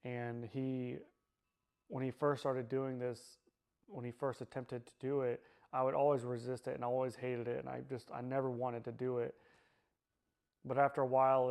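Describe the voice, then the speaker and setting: Subdued man, flat halting testimony. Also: mid-range voice, gravelly. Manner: halting, searching for words, many fillers. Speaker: survivor sharing his story. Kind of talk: personal testimony.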